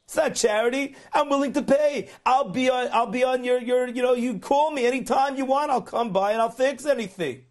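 A man voicing a hot-tempered contractor who is indignant and shouting in a retold story. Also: very high voice, brisk, few pauses, voice pushed up. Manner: shouting, exasperated.

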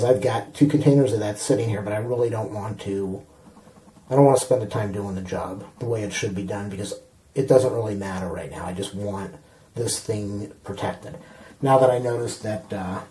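A man with a warm, mellow voice talks his way through a fix-it job while filming himself. He rambles, backtracks and chuckles at his own words. The camcorder picks him up with plenty of bathroom echo. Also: on the low side, slight background noise. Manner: rambling, self-amused, talking while working with hands. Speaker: home repair vlogger. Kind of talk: casual how-to demonstration. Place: indoor bathroom. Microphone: handheld camcorder mic, self-filming.

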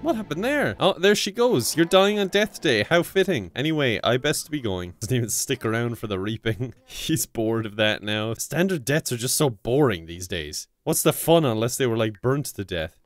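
A man's voice: mid-range voice, very animated, normal speed, no room sound. A young man with an Irish accent giving playful, sarcastic commentary over a life-sim game, laughing often and breaking into sudden yelps. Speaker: gaming YouTuber. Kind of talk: gameplay commentary.

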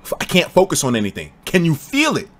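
A man reading out the lines of a shy, obsessive young woman from a visual novel, slow and intense. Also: fairly high pitch, huge pitch swings, fairly bright tone, slight background noise.

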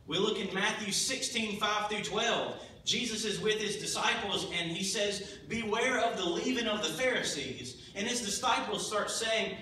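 A high, bright male voice delivers a sermon and brings the stories to life with acted-out lines. The sound is very echoey and distant, as if taken from the back of a church, with faint noise underneath. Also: moderate pace. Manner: animated storytelling, acting out voices. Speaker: preacher. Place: church sanctuary. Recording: echoey hall, mic at a distance.

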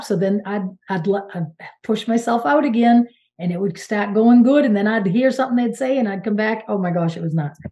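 Woman, sixties, from Maine, mellow warm tone, emphatic, animated storytelling, interview guest. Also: fairly high pitch. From Maine, United States. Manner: animated, emphatic, with exclamations and restarts. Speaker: guest medium and channeler.

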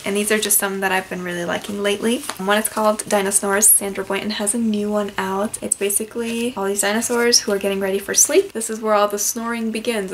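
A woman's voice: mid-range voice, slight background noise, low-quality recording. A young woman, a librarian, casually reviewing picture books and reading bits aloud in a playful storytime voice.

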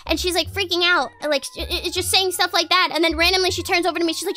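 A woman's voice: very high voice, a little fast, sharp tone, soft background music. A woman streamer telling rambling family stories in casual chat, giggling often and restarting sentences.

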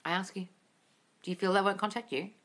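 Blunt, bright-voiced woman hosting a live Q&A. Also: medium pitch, fairly even intonation, fairly quick. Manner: blunt, swears freely, calls listeners darling. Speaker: manifesting coach hosting a live Q&A. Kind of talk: casual livestream chat reading viewer comments. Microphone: phone livestream.

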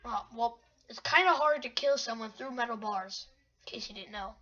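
Woman, gameplay commentator, excitable and rambling, bright tone, dull recording. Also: on the high side, normal speed. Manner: excitable, rambling, talks to self. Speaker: gamer.

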